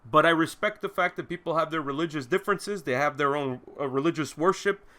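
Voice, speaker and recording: Indignant man ranting with a bright voice. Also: on the high side, fairly quick. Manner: emphatic, indignant, profane, piles up repeated phrases. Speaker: host. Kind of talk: ranting commentary monologue.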